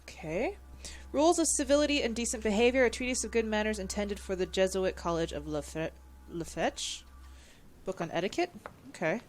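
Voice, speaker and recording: A woman streamer giving casual, excitable gameplay commentary and reading on-screen text aloud. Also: mid-range voice, normal speed.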